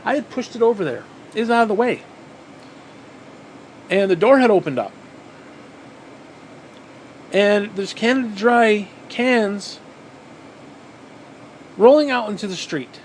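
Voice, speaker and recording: A man telling a story casually, animated, swearing often and repeating phrases for emphasis, sounding tired. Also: high voice, unhurried, pauses often, a little hiss or hum, poor audio. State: physically exhausted.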